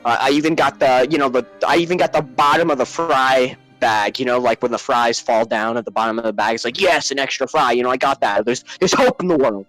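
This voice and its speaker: A man telling a comic story, profane and exaggerated, swinging from hushed murmurs to shouted rants. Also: mid-range voice, fairly quick, few pauses, no room sound, faint music behind, rough recording. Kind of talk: comedic storytelling.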